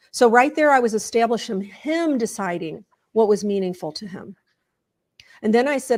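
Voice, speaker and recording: A woman's voice: mid-range voice, moderate pace, darkish tone. A woman guest on an interview show, earnestly explaining ideas with stories and examples.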